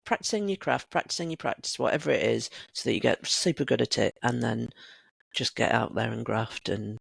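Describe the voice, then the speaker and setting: A woman's voice: a bass voice, a little fast, gravelly, husky, no echo. A woman in her sixties, a guest creative coach, talking reflectively and telling stories in a casual conversation. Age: 60s. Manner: reflective, animated storyteller.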